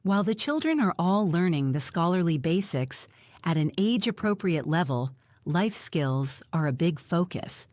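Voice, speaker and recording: A woman with a fairly low voice reads a first-person audiobook in a plain, even storytelling manner. The recording is dry and close, with no room sound. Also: normal speed, dry recording. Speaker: audiobook narrator.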